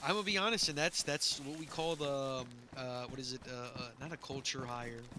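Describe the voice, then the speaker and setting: A man's voice: medium pitch, fairly even intonation, brisk, background noise. A young man in casual chat while gaming, talking in laid-back slang and swearing freely.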